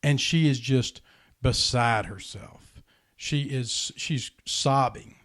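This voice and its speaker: A man telling a heartfelt personal story in a casual podcast chat, earnest and animated. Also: mid-range voice, slow pace. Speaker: podcast host.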